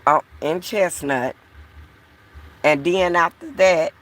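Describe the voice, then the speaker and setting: A woman's voice: low voice, vocal fry, a bit bright. A woman vlogger talking to her viewers in a casual, frustrated, repetitive way. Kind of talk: casual talk to camera.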